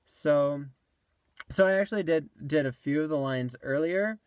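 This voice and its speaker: Fairly high-pitched, clear and resonant, this young man's voice is dry and studio-clean at a moderate pace. As a voice actor vlogging his session, he rambles through behind-the-scenes chat from a tiny clothes-filled closet via a tablet's built-in mic, self-deprecating and full of restarts and fillers.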